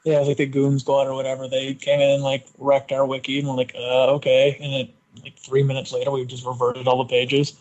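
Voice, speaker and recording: Casting: male co-host, flat even delivery, short offhand remarks. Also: medium pitch, a little fast, hardly any pauses, muffled recording. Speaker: radio show co-host. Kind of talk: casual chat.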